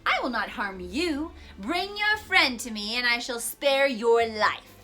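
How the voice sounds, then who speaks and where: A woman's voice: a little high, lively intonation, measured pace, bright, forceful tone, faint music behind. A woman voicing a menacing evil male thief who hisses taunting threats, as a storybook reading.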